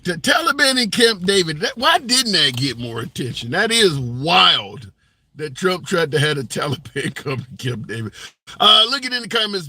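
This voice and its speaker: Male talk host, high bright voice, dry close sound. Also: sing-song, moderate pace, no echo. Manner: conversational, hedging, thinks aloud. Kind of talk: political talk show chat.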